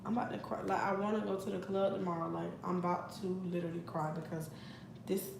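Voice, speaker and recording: A woman's voice: fairly low pitch, steady tone, fast talker, gravelly, background noise. Blunt, profane young woman venting. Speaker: vlogger. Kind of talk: casual storytime vlog. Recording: echoey room with faint ambience.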